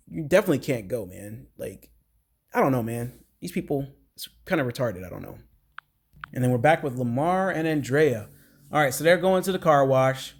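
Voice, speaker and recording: A man casually recapping a reality show episode, chatting straight to his viewers. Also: fairly high pitch. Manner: chatty, conversational, addresses viewers as guys.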